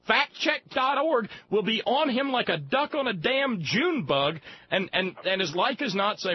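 Lively, husky-voiced male radio host. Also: high voice, normal speed, muffled recording. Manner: jokey, folksy asides. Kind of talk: call-in radio talk.

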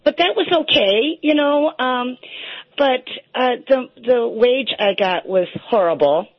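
A woman's voice: a little high, unhurried, no room sound. A woman calling into a radio show, friendly and a bit hesitant, with many ums. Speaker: caller. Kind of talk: call-in radio talk. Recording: slightly muffled dry broadcast audio.

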